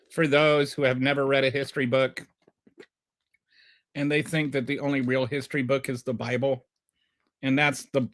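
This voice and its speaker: A man's voice: mid-range voice, a bit bright. A man hosting a livestream who gives political commentary and answers live chat in a sarcastic, combative way, often rambling and restarting. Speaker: livestream show host.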